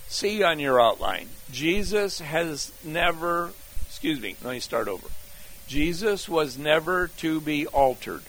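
A male pastor preaching a sermon, teaching from an outline and then praying, with deliberate emphasis and repeated key phrases. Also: a little high, a bit bright, slight background noise, rough recording. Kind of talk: sermon with closing prayer.

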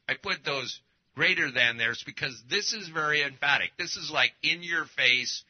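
A man's voice: a little high, moderate pace, dull audio. A man preaching a sermon as pastor, emphatic, with pointed rhetorical questions to the congregation.

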